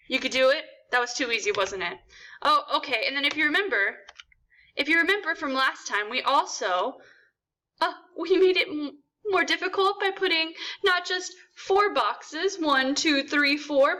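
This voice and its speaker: A woman's voice: high-pitched, sharp tone. A young woman teaching a children's music lesson in an upbeat, encouraging way. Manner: upbeat, encouraging, sing-song counting to a beat.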